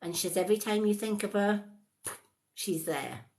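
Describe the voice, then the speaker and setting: A woman giving a live psychic card reading in a chatty, rambling way, full of animated asides. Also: mid-range voice, normal speed.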